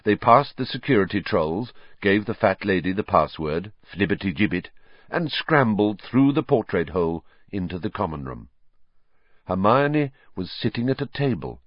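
Guy narrating a storybook, really animated up and down, dry muffled recording. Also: lowish voice, normal speed, dry recording. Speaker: audiobook narrator. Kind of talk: scripted narration.

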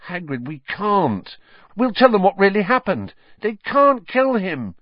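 A man voicing an anxious young teenage schoolgirl in an audiobook, high, pleading and breathy. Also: lively intonation, measured pace, dry recording, highs cut off, exaggerated voice.

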